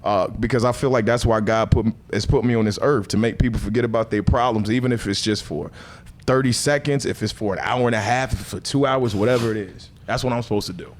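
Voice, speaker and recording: A man's voice: fairly low pitch, fast. A man in his thirties, a comedian and impressionist, telling stories in a casual, slangy chat and often asking "you know what I'm saying.".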